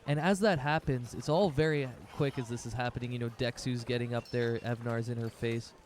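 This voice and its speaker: A man's voice: medium pitch, fairly even intonation, brisk, slight background noise. A man narrating as game master of a tabletop game, rambling loosely with many fillers.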